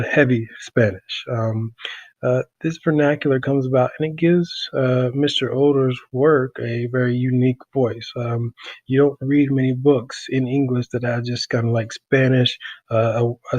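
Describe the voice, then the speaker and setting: A man teaching a class through a podcast, talking casually with many pauses and fillers. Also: mid-range voice, no room sound, highs cut off. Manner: relaxed, many ums and uhs.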